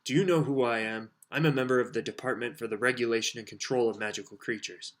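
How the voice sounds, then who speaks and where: A man's voice: mid-range voice, steady tone, quick pace, fairly bright tone, natural voice. A stern, bullying middle-aged official barks accusations in a hard, commanding voice, played by a male reader. He speaks with blunt authority. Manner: stern, barking.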